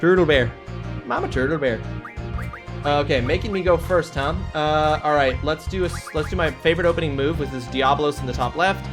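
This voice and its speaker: A man's voice: fairly high pitch, a little fast, hardly any pauses, over music. A man from Nova Scotia with a Canadian accent, chatting casually and jokingly while streaming a game. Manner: chatty, jokey, swears freely.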